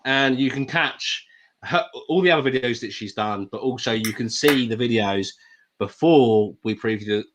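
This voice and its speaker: A man's voice: medium pitch, normal speed, background noise. A man hosting a casual online show, rambling and repeating himself as he grows heated. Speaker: show host. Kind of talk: casual podcast chat.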